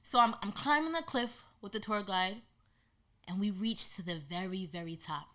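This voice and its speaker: A podcast host tells a personal story with animation, acting out what people said in lively voices. She speaks at a medium pitch and a moderate pace.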